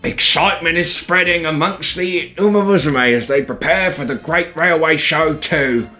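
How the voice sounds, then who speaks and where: A streamer reading game narration aloud in a lively storybook manner. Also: mid-range voice, normal speed, soft background music.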